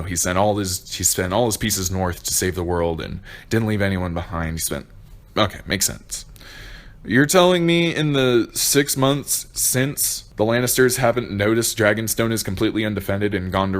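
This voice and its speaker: A young man ranting a sarcastic, profanity-filled review with bursts of exasperation. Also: lowish voice. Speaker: video reviewer.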